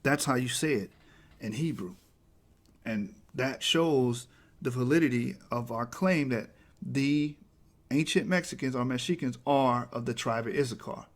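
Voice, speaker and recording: A man's voice: mid-range voice, unhurried. A man talking through a slide presentation, emphatic and often asking "right?" to the listener.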